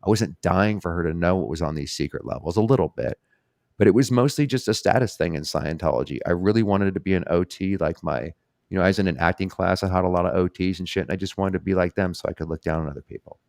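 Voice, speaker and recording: A male podcast host talks in a loose, candid way, swearing now and then without fuss. His voice is very low for a man, and the sound is dry with no room echo. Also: quick pace, a little mellow. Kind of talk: casual conversational interview.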